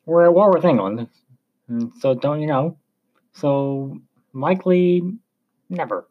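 A man's voice: a little high, slow pace, phone-quality sound, voice pushed up. A man voicing a grizzled, grumpy old French sea captain with a thick French accent, curt and mocking. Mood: gruff.

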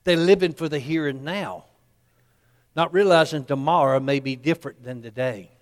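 A man's voice: on the high side, moderate pace, long reverb tail. A man, preaching a sermon in a folksy storytelling way and acting out the people in his story.

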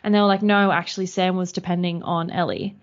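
A woman's voice: fairly low pitch, fairly even intonation, fast. Chatty woman podcaster, lo-fi sound. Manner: chatty, retells behind-the-scenes stories with many fillers. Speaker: podcast co-host. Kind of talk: casual chat. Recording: slightly dull lo-fi sound.

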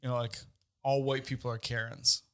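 A man in casual chat, talking haltingly with fillers as he hunts for words, swearing now and then. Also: medium pitch, flat delivery. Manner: halting, searches for words, profane.

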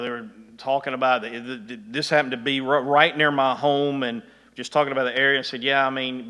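In a large hall, a man with a medium-pitched, sharp-toned voice preaches a sermon full of anecdotes. His delivery is conversational, with chuckling asides and frequent restarts.

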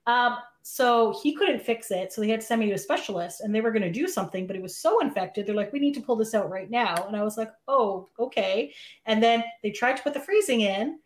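A woman host on a casual podcast, telling stories with drawn-out emphasis. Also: fairly high pitch, animated, roomy sound.

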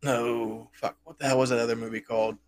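A man talking about movies in casual podcast chat. His manner is laid-back, and he swears casually. His voice sits at a middle pitch for a man. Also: flat delivery, quick pace, slight background noise. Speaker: podcast co-host.

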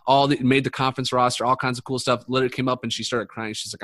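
A young man from the United States talks fast and loose as a podcast guest, piling up fillers, restarts and swear words. His voice sits at an ordinary pitch. The room sound is dry and close. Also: fairly even intonation, fairly bright tone, dry recording. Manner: rambling, swears freely, many fillers and restarts. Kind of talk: casual podcast storytelling.

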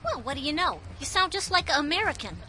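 An actress playing a brash, pushy older woman tourist who talks loud and bossy, in a radio drama. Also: high voice, sing-song, quick pace, a little hiss or hum, exaggerated voice.

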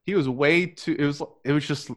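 A man's voice: a little high, brisk, a bit bright. Blunt joking man reviewing a movie. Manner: blunt, jokey, swears freely. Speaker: podcast co-host. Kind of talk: casual movie review chat.

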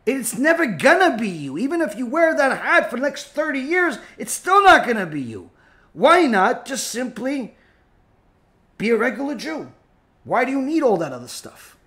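A man's voice: very high-pitched, bright, forceful tone. A man who is a rabbi, giving an informal spoken lecture, rambling with many fillers and turning emphatic and scolding. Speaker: rabbi and teacher.

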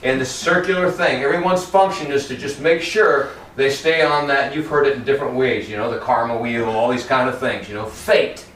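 A man preaching a sermon in a church, lively and conversational, often acting out Bible characters in casual everyday voices. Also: medium pitch, normal speed, hardly any pauses, a little hiss or hum. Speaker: pastor. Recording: roomy echo, heard from a distance.

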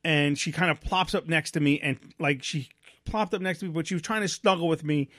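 A man's voice: fairly high pitch, a little fast, fairly bright tone, no room sound, clean studio sound. A man co-hosting a casual podcast chat about family life, telling stories bluntly with lots of restarts and casual swearing. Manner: rambling storyteller with many restarts and fillers. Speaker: podcast co-host; father of young children.

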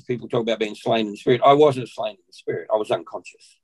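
An Australian man, a podcast guest, earnestly recounting a personal testimony at an unhurried pace and often clearing his throat. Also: lowish voice, faint music behind, low-quality recording.

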